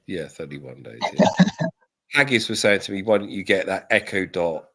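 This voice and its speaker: A man's voice: low voice, animated, moderate pace, fairly bright tone, breathy edge. A man hosting a casual chat, rambling and laughing easily. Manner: chatty, rambling, laughs often.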